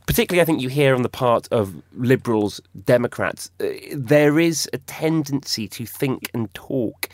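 A man's voice: medium pitch, lively intonation, normal speed, few pauses, no room sound. Wry man presenting topics on studio radio. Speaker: radio host. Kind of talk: casual studio discussion. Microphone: studio microphone.

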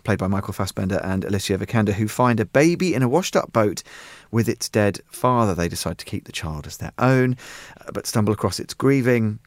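A man presenting a radio arts show, linking items with brisk, wry remarks. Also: on the low side, expressive, no room sound.

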